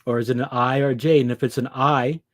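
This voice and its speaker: A man's voice: medium pitch, fairly even intonation, fast talker, no room sound, studio quality. A man preaching an impassioned scripture lesson, pressing his listeners with rhetorical questions. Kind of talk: impassioned religious teaching.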